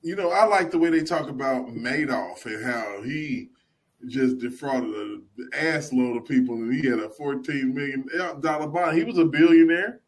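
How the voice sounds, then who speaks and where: A man in casual podcast chat, animated, laughing often and swearing freely. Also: medium pitch, moderate pace.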